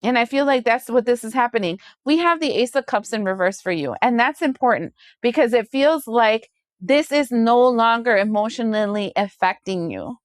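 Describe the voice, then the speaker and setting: A woman giving a casual tarot reading, sassy and chatty, acting out other people's voices with big jumps in pitch. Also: animated, moderate pace, no echo, clean studio sound. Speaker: tarot reader.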